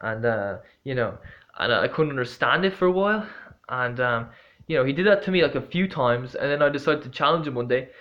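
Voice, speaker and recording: A man's voice: mid-range voice, expressive. Rambling man with a lo-fi sound. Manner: rambling, halting, full of fillers and restarts; blunt, swearing, exasperated retelling. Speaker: vlogger. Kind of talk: casual anecdotal storytelling. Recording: dull lo-fi recording.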